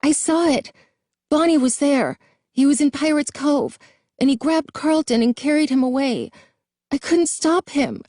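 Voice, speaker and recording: A frightened young boy cries out in a high, strained voice that shakes as he insists and pleads, as a woman reads him aloud. His tone is mellow and soft-edged, and the sound is close and dry. This is an audiobook voice. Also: very animated, unhurried, few pauses, husky, no echo, full character voice. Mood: tearful insistence. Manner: yelling, shaky and pleading.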